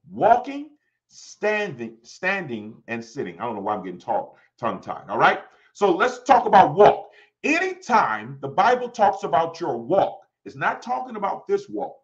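A man's voice: sits high, muffled recording. A man in his forties teaching from the Bible to his congregation, loose and conversational, often checking in with "all right?". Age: 40s. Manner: lively, talks to the congregation, repeats "all right?". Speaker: pastor. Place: church.

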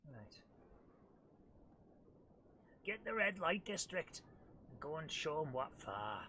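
A woman with a head cold, hosting a live let's-play and chatting excitably to the game, often laughing. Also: low voice, takes it slowly, slight background noise. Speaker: host of a retro gaming channel.

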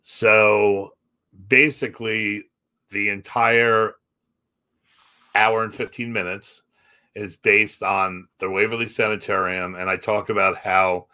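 Man with a bright, forceful low voice. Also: takes it slowly. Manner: animated storyteller, acting out other people's lines. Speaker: comedian and guest. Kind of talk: storytelling in a podcast chat.

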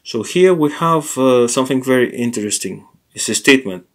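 A man teaching a language lesson, explaining grammar in a hesitant way with many pauses, fillers and self-corrections. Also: mid-range voice, expressive, fairly bright tone.

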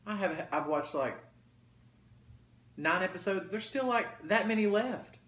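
A man's voice: high voice, normal speed, a bit bright. Chatty man in a roomy echo. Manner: chatty, folksy, addresses viewers as y'all. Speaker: mukbang vlogger. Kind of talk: casual chat while eating. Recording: roomy echo, faint background noise.

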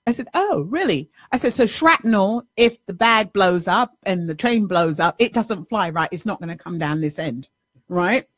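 In studio quality with no echo, a host and life coach with a lowish voice speaks at normal speed. Her story comes as an animated, casual monologue in which she voices the dialogue and sometimes swears.

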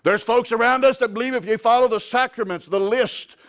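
A man preaching a sermon as pastor, swinging from quiet, drawn-out lines to loud shouted climaxes. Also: very high-pitched. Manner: impassioned preaching, rising to shouts.

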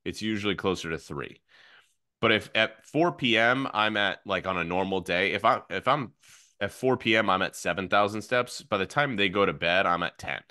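Deep-voiced, bright dad telling stories. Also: male voice, normal speed, no echo, studio quality. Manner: animated storyteller, many fillers, swings from excited to hushed. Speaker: podcast guest, fitness coach. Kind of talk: casual podcast chat.

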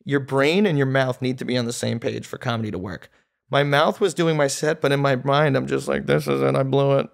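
A male comedian telling stories as a guest on a casual podcast, with an animated, storytelling manner. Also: mid-range voice, brisk, gravelly.

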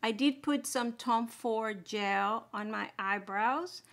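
A woman's voice: on the high side, takes it slowly, a bit bright. A woman chatting casually through a makeup tutorial, explaining each step as she applies it. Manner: chatty, explaining steps while applying makeup. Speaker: beauty vlogger.

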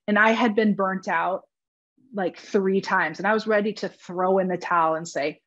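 A woman in her thirties tells her own story as a podcast guest, candid and self-deprecating. She talks at a middle pitch and fills it with quick asides. The audio is a little dull and lo-fi. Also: steady tone, fairly bright tone. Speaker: real estate agent, podcast guest.

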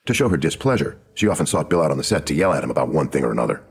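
A man voicing a sharp, sardonic woman screenwriter of the 1920s in a true crime audio drama, with a dry, knowing manner. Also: very deep voice, sing-song, rapid-fire, a little hiss or hum, full character voice. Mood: confiding.

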